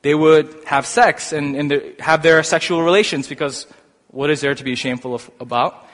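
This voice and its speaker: A man delivers a sermon, working through scripture with animated, rising emphasis. His voice sits fairly high, and a long reverb trails behind it in a hall. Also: normal speed. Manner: animated, builds to excited emphasis. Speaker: preacher.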